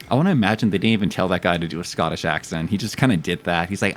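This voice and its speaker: A man's voice: sits low, rapid-fire. A male streamer giving chatty, jokey gaming commentary and swearing freely. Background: faint game music.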